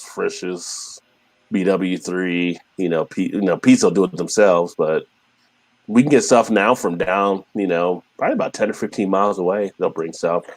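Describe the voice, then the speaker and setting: Laid-back man hosting a beer stream. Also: low voice. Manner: laughs often, relaxed rambling. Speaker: live stream host. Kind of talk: casual chat reading viewer comments.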